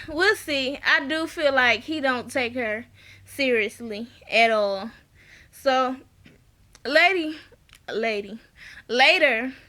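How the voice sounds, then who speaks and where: A woman with a high, bright voice talks through a reality-show episode in a loose, slangy recap. She is blunt and opinionated and keeps breaking into laughter as she goes. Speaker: TV show reviewer. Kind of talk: casual recap vlog.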